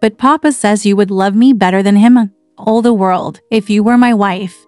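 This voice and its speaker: A woman's voice: medium pitch, moderate pace, a little mellow, clear, resonant tone, no echo, faint music behind, lightly acted. A woman reading as a sickly, spiteful teenage boy. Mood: peevish. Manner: peevish, taunting.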